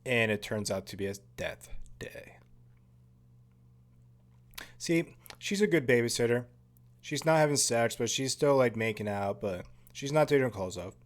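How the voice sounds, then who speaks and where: A man's voice: fairly low pitch, moderate pace. A man hosting a casual movie commentary, laid-back and chatty, often laughing and swearing casually. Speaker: podcast host.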